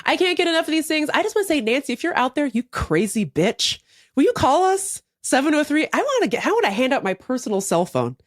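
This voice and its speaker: Lively high-voiced woman podcast co-host. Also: fast talker, no echo, studio quality. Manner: animated storytelling, acts out quotes, laughs often. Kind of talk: casual chat.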